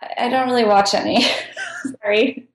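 A woman's voice: on the high side, moderate pace. A woman answering interview questions in a casual, chatty way, laughing often as she talks. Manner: chatty and giggly, with frequent laughs. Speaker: podcast guest, food writer. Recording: echoey room.

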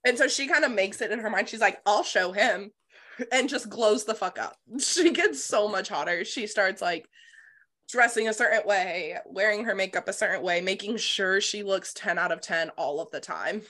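A woman co-hosting a podcast, retelling a novel's plot in casual book-club chat, animated and sprinkled with swearing and "like". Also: mid-range voice, normal speed. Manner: animated retelling, swears freely, filler 'like'. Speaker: podcast co-host.

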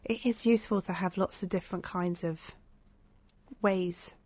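A woman's voice: on the low side, fairly even intonation, normal speed, a little mellow, breathy edge. Chatty woman co-host. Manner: chatty, upbeat, earnest. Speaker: podcast co-host. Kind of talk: casual chat.

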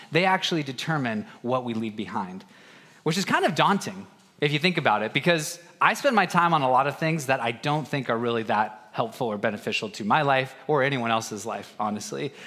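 A man's voice: mid-range voice, sharp tone. A man in his thirties, a pastor giving a casual, self-deprecating sermon with family stories. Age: 30s. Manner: conversational, self-deprecating, acts out family dialogue. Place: church auditorium. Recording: long hall reverb.

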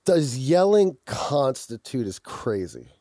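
A man co-hosting a podcast in casual chat, with an intense, aggressive way of talking when he gets into something, and quick to laugh. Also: medium pitch, very animated, warm tone, no echo, clean studio sound. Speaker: podcast co-host.

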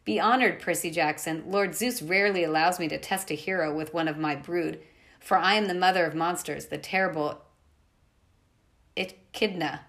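A woman's voice: lowish voice, normal speed, a bit bright. Echidna, a woman voicing a hissing snake mother. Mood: haughty. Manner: hissing, sneering, cackling.

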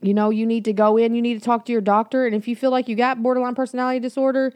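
A woman's voice: fairly high pitch, flat delivery, rapid-fire, darkish tone, no echo. A woman in her thirties hosting a podcast, talking in a blunt, emphatic way with plenty of swearing, on a home mic that picks up the room. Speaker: podcast host. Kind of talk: casual spoken monologue.

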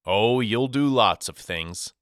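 A man voicing a loving, soft-spoken father talking to his two sons in an audiobook. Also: mid-range voice, expressive, slow pace, clear, resonant tone, no room sound, clean studio sound. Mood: tender. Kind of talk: audiobook character reading.

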